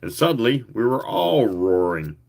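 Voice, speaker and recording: A man reading a story aloud in an expressive, leisurely way, with occasional asides. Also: lowish voice, moderate pace, vocal fry. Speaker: reader.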